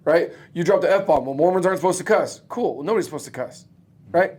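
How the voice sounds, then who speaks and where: A man's voice: fairly high pitch, fast talker, a little mellow. A man talking bluntly and emphatically in a casual podcast conversation, swearing freely as a guest. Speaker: guest, roofing business owner and coach.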